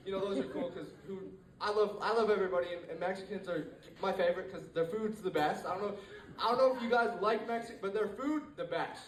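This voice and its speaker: High-voiced teenage male stand-up comic. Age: teens. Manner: rambling, full of fillers and restarts. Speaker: stand-up comedian. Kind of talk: stand-up set. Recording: echoey room, mic far off.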